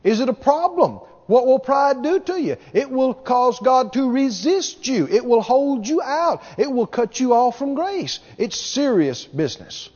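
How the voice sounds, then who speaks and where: A man's voice: extremely high pitch, sing-song, a little slow, few pauses, darkish tone. A man preaching a sermon as a pastor, speaking emphatically, repeating key words and mimicking people with a laugh. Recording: dull reverberant hall recording.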